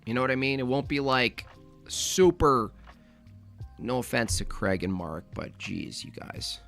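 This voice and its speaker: A man hosting a casual livestream, reading out donations and making animated, teasing, mock-scolding asides. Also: medium pitch, a little slow, vocal fry, soft background music.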